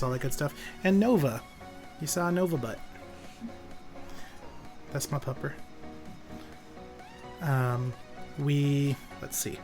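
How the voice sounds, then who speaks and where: A young man casually commenting on a game stream, relaxed and rambling with many fillers. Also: mid-range voice.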